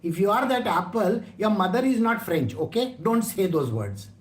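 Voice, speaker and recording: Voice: medium pitch, sing-song, normal speed, roomy sound. A spiritual teacher giving a scripture talk in a blunt, scolding way, full of rhetorical questions.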